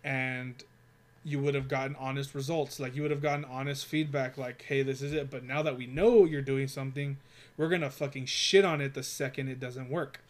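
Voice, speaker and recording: A man's voice: mid-range voice, fairly even intonation, fairly quick. A young man telling a rambling, profanity-filled work story in casual chat, with lots of fillers.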